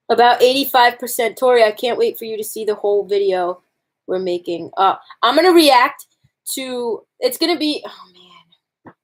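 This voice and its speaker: A woman's voice: a little high, normal speed. A woman on a casual live stream, reading jokes aloud and commenting on them to her viewers.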